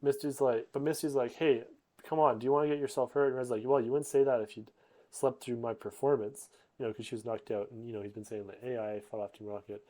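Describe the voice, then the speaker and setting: A man's voice: medium pitch, fairly even intonation, quick pace, warm tone. A man giving a rambling, casual retelling of a comic, full of fillers and restarts, loosely voicing the characters. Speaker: narrator summarizing a comic.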